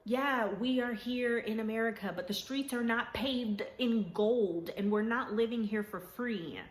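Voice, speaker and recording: A woman's voice: on the high side, a little slow. A woman giving an earnest motivational talk, repeating points for emphasis. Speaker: vlogger. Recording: roomy echo.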